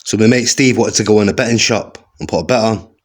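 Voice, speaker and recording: On a comedy venue stage, a West Midlands stand-up fires off one-liners with deadpan delivery and slangy asides. His voice is fairly low and he talks fast. The live gig recording carries faint crowd noise and audience laughter.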